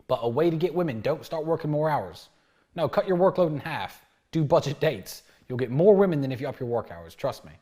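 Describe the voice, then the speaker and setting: A man in his thirties giving a brash, animated dating lecture, often acting out bits of dialogue. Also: medium pitch. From United Kingdom. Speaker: dating coach. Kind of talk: lecture-style monologue.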